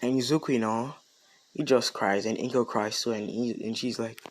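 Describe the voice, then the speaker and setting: A man improvising a fan story narration, slow and hesitant, full of ums and you-knows. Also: medium pitch, steady tone. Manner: slow, hesitant, lots of fillers.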